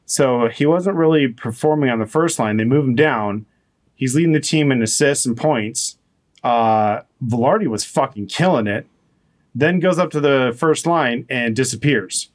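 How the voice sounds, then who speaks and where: A man's voice: medium pitch, unhurried. A man co-hosting a casual podcast, thinking aloud and swearing. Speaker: podcast co-host. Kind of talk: casual chat.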